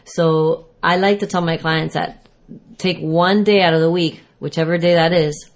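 A woman's voice: on the low side, steady tone, moderate pace. A woman fitness trainer giving casual advice on food and exercise, rambling and correcting herself as she explains.

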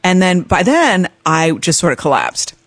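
A woman's voice: lowish voice, very animated, measured pace, creaky, no echo. A middle-aged woman hosting a podcast, telling a personal story in a chatty, self-mocking way with many fillers. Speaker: podcast host. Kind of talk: casual storytelling monologue.

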